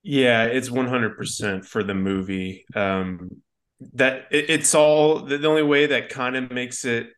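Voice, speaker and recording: A man's voice: mid-range voice, steady tone, unhurried, fairly bright tone. A man co-hosting a film podcast in casual chat, easygoing and rambling as he works through his thoughts. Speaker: podcast co-host.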